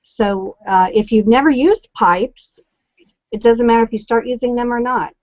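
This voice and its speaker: A woman's voice: on the high side, moderate pace, a little mellow, no echo. Chatty woman explaining stuff on a web show, dry close sound, kinda lo-fi. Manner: chatty, explains with examples, many fillers. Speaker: co-host. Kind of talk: casual online show discussion. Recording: dry, lo-fi call audio.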